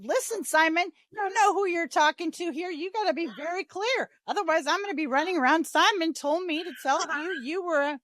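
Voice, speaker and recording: A woman hosting a podcast in casual interview chat, talking in a chatty, animated way and acting out the voices she quotes. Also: very high voice, brisk, few pauses, no room sound, clean studio sound. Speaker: podcast host.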